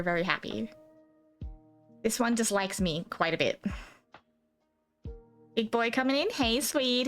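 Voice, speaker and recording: A woman streamer with an Australian accent softened by years of talking to Americans chats loosely with her viewers. Her voice sits on the higher side, and she rambles, restarts and giggles often. Faint music plays under her talk. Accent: Australian, slightly Americanized. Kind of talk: casual chat with live chat.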